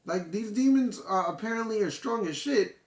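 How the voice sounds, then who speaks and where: Reviewing a manga chapter, a high-pitched man talks at normal speed in a loose, profane way, getting worked up and often restarting, with lots of filler words. The sound is reverberant.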